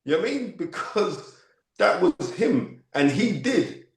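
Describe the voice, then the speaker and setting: A man of fifty with a London accent, telling stories as a podcast guest in an emphatic, animated way. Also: high voice, measured pace. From United Kingdom. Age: 50s. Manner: emphatic, acts out quoted voices, frequent "you know what I mean". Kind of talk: animated interview storytelling. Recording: echoey room.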